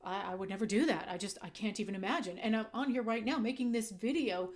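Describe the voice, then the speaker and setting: Woman vlogger, mid pitch, frank casual commentary, punchy and a bit profane. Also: fast. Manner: candid, emphatic, swears when heated. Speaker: channel host. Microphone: desk microphone.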